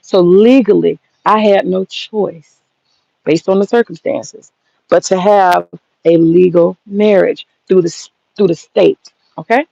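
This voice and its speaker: Gravelly, combative woman in her thirties. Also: fairly low pitch, measured pace, mellow, dry recording. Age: 30s. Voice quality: profane, combative, talks straight at a critic. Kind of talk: heated casual rant. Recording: dull lo-fi sound.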